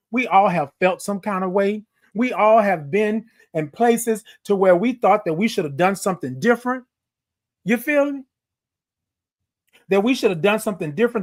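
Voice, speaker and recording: A young man hosting a motivational livestream, talking casually to viewers, greeting commenters by name and stretching out his greetings with a playful sing-song. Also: high-pitched. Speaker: livestream host.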